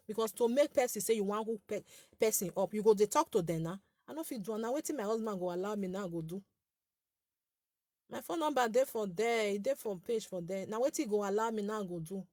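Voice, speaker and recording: A Nigerian woman in her forties chats live with her page's followers in a light, girlish voice. She scolds, repeats herself and breaks into laughter, speaking at a middling pitch. The sound is close and dry. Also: a little mellow, no echo. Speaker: social media page host. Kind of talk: casual live chat with followers.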